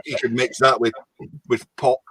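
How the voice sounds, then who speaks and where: A man's voice: mid-range voice, flat delivery, normal speed, fairly bright tone, slightly rough, no echo, poor audio. A chatty man with a thick Lancashire accent, joking around in a casual live-stream conversation. His voice sits in a middling register and sounds dry and close to the microphone. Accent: Lancashire English. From North of England, Lancashire. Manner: chatty, teasing, self-described strong accent. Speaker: guest on a live chat stream. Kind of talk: casual chat. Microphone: on camera, close.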